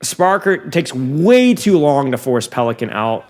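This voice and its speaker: A man coaching viewers through a match review in casual commentary, talking straight to them and getting excitable when plays swing. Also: mid-range voice, a little slow.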